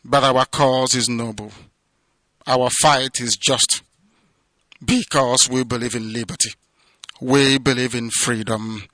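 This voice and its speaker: A man with a Nigerian accent giving an impassioned radio address, declaiming with loud peaks that drop to low, hushed passages. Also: fairly even intonation, slow pace, long pauses, dry recording. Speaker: movement leader giving a radio broadcast.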